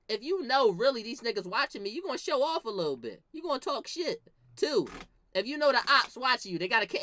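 A young woman telling a comedic story, swinging from low mutters to shouted outbursts and acting out the lines she quotes. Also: dry recording, clean studio sound.

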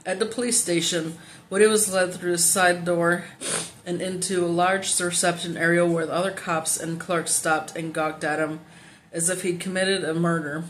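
A woman reading a children's novel aloud in steady, plain narration, now and then stumbling on a word and correcting herself. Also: fairly low pitch, normal speed, slight background noise. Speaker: audiobook reader.

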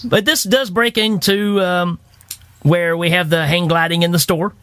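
A man's voice: sits high, fairly even intonation, moderate pace, fairly bright tone, no echo. A man hosting a movie podcast, talking casually, chuckling often and repeating words. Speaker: podcast host.

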